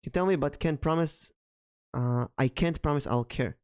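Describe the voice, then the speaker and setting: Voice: medium pitch, normal speed, darkish tone, clean tone, dry recording, clean studio sound. A podcast co-host and streamer talking bluntly and frankly, with a joking edge, in casual chat.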